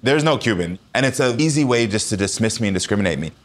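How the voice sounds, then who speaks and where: A man's voice: on the low side, expressive, fast. A man as a talk show guest, speaking earnestly and from the heart about his own life. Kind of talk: candid personal conversation.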